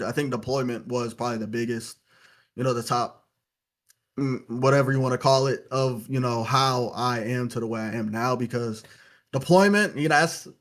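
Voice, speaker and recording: Reflective young man telling his story. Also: mid-range voice. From Louisiana. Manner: frequent "you know" fillers, reflective. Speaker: podcast guest. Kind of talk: casual interview storytelling.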